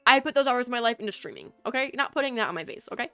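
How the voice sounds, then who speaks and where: A woman's voice: on the high side, animated, racing, sharp tone, clean tone, no room sound, faint music behind. Chatty, teasing woman streamer. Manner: chatty, teasing, laughs often, slangy. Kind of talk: casual game stream chat.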